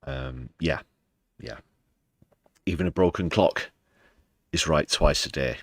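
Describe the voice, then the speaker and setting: A man's voice: rumbling low, slow pace, no room sound, clean studio sound. A British man hosting a political news livestream, talking casually with wry, sarcastic asides. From United Kingdom.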